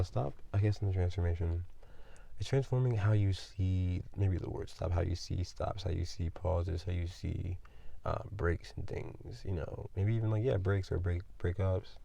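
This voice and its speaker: Low gravelly man rambling through a tarot reading. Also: warm tone, slight background noise. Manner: rambling, thinks aloud with many fillers. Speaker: tarot reader.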